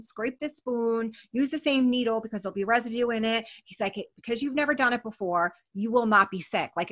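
A woman's voice: fairly high pitch, bright, forceful tone. A woman telling a story in casual talk, blunt and swearing freely, acting out what people said. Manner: blunt, swears freely, acts out quoted dialogue. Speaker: interview guest.

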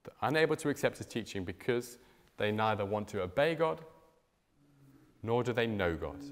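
Lively preacher in a church hall. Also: male voice, normal speed, pauses often. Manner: animated storytelling with strong swings in pitch and loudness. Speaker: pastor. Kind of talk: sermon.

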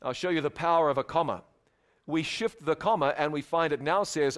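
Male preacher, fairly high voice, conversational sermon, soft asides, emphatic peaks. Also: fairly quick. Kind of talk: evangelistic sermon.

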